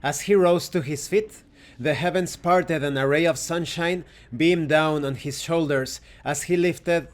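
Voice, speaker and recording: Higher-voiced man reading game lore. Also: measured pace. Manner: stops to correct his own pronunciation. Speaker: channel host reviewing a tabletop game. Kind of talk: reading game lore aloud, then closing remarks.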